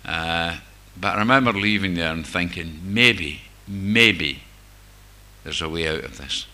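An older man from near Glasgow, with the Scottish accent of that area, tells a group his own recovery story in a low, unhurried voice that sounds pushed and bright. He's candid about it and pokes fun at himself with wry humor, giving a personal testimony.

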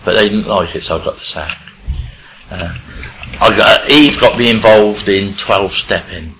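An older man from England, telling his life story in a rambling, halting way with many restarts. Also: fairly low pitch, a bit bright, a little hiss or hum, low-quality recording. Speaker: recovery speaker sharing his story. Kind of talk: personal storytelling.

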